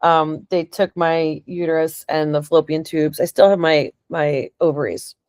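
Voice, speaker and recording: A woman's voice: low-pitched, steady tone, normal speed, a little mellow, dry recording, studio quality. A middle-aged woman chatting casually during a reading, rambling and emotional, often laughing as she talks. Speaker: client getting a reading. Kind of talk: casual conversation.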